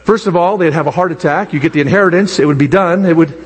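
A man preaching a sermon to students, animated and emphatic, stretching out key words and acting out little scenes. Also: a little high, a little hiss or hum. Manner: animated, drawn-out emphatic preaching with acted asides. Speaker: pastor. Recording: long hall reverb.

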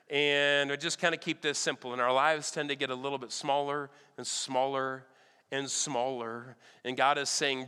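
A man preaching a sermon, telling lively stories in an animated way and checking in with his listeners again and again. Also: mid-range voice, moderate pace, clear, resonant tone. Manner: animated, checks in with "all right?" often. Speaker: pastor. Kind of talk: storytelling sermon. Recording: long hall reverb.

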